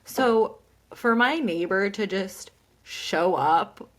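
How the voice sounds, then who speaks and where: A woman's voice: medium pitch, animated, slow. A young woman co-hosting a podcast, telling a story animatedly, laughing often and quoting the people in it. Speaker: podcast co-host. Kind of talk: casual storytelling.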